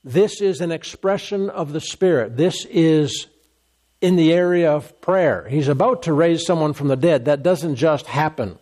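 A man's voice: fairly high pitch, a little slow, darkish tone. A man preaching a sermon, emphatic and repetitive, acting out the dialogue of scripture. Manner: emphatic, repeats phrases, acts out scripture dialogue.

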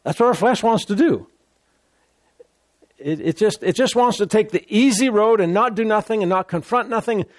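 A man's voice: sits high, lively intonation, normal speed, dry recording, studio quality. A man preaching a sermon who speaks emphatically and keeps repeating key phrases.

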